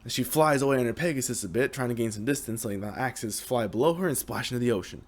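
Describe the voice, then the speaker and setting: A man's voice: mid-range voice, fast. Casual young man telling a game story. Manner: lively, hesitant retelling with restarts.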